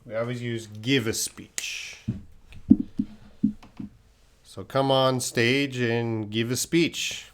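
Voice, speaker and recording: Slow, patient male English teacher. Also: mid-range voice, fairly even intonation, a bit bright, slight background noise. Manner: slow, patient explaining with pauses and restarts. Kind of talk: live-stream Q&A lesson.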